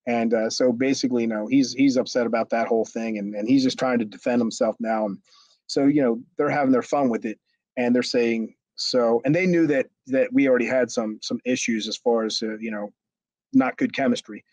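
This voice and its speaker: Man, middle-aged, ex-wrestler, casual storytelling, swears, lots of fillers, mid pitch. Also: fairly even intonation, a little fast, no echo. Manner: rambling, many fillers, swears, acts out others' shouted lines. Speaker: former pro wrestler telling a story. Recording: dull lo-fi dry sound.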